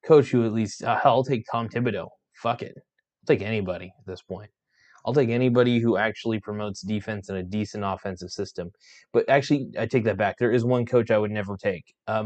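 A tired man ranting in exasperation about his basketball team, swearing and restarting his sentences as he vents. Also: fairly low pitch. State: yawning, tired. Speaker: sports vlogger. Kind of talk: frustrated sports rant.

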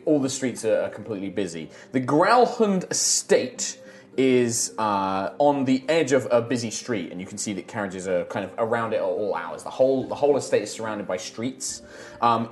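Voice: mid-range voice, a little mellow, roomy sound. A game master narrating a tabletop game in a chatty way, with frequent fillers and restarts.

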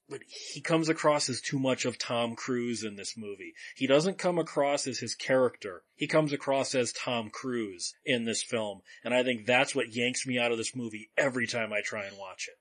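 A man's voice: medium pitch, fairly bright tone. A man co-hosting a podcast, giving wry, opinionated takes on movies in a casual way. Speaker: podcast co-host.

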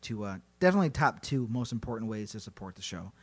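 A man's voice: lowish voice, big pitch swings, fast, breathy edge. A man co-hosting a podcast, chatting casually and joking playfully. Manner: joking, playful, goofy voices. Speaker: podcast co-host. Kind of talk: casual comedic chat.

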